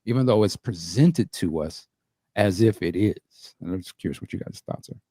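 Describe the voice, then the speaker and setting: Brief: deep-voiced male podcast co-host, easygoing and inquisitive, recorded dry with no room sound. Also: normal speed, husky, no room sound. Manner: relaxed, questioning, loosely phrased with frequent likes. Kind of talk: casual discussion.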